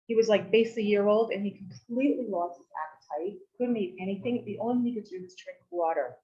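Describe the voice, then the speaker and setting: A woman giving a live Torah talk, telling a story with lively delivery. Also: mid-range voice, fast talker. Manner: animated storytelling, rises to shouting for quoted outbursts. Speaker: teacher giving a weekly talk. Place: women's study hall in a community center. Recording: dull lo-fi live recording.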